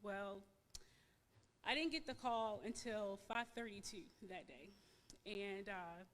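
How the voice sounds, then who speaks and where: A woman giving a personal testimony in church, halting and emotional, repeating words with many fillers. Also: mid-range voice, a bit bright, big-room sound. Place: church sanctuary.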